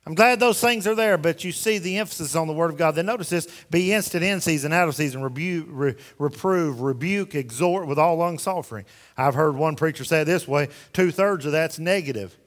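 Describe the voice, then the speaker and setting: A pastor with a slightly high voice and a somewhat fast pace preaches in a church sanctuary, the sound echoing with long hall reverb. His style is folksy and emphatic, peppered with rhetorical questions aimed at the congregation.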